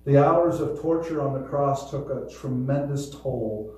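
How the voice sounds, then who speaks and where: A man preaching a sermon as pastor, earnest and swelling louder on key points. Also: mid-range voice, measured pace. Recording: echoey hall, voice from far off.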